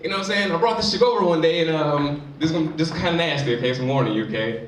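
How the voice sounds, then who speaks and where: A man's very fast, rather high voice carries a loose, chatty stand-up routine peppered with "you know what I'm saying." The live venue is echoey, with a distant mic, crowd noise, and a little hiss or hum.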